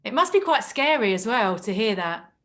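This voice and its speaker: A woman interviewing a guest, asking gentle, sympathetic questions. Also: on the high side, very animated, normal speed.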